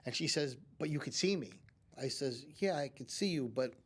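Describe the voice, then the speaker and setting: A man appearing as a psychic medium on a talk show in a community TV studio tells long, rambling anecdotes, restarting often and acting out what people said. His medium-pitched voice is expressive, a bit bright and slightly rough, at normal speed.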